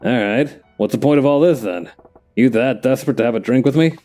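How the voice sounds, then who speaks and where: A man's voice: medium pitch, a little fast, mellow, faint music behind, natural voice. A man voicing a brash, sarcastic male gangster who runs a club, for a fan dub of a game. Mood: gruff. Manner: blunt, sarcastic. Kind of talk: fan voice-over of game dialogue.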